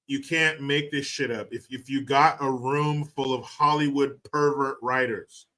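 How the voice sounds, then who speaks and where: Speaking a little slowly with fairly even intonation, a man with a medium-pitched, pushed and bright voice runs a casual livestream. He thanks viewers for donations while launching into sarcastic, mocking, profane rants.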